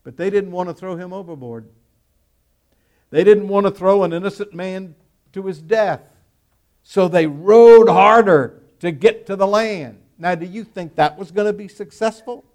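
A male pastor delivers a slow, deliberate sermon in a fairly high voice. He reads scripture aloud and unpacks it word by word, leaning hard on key words and then dropping to quiet asides. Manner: emphatic, swings from loud stress to quiet asides.

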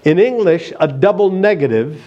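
A man's voice: fairly high pitch, lively intonation, moderate pace, warm tone, highs cut off. A man preaching a sermon, emphatic and asking the congregation rhetorical questions.

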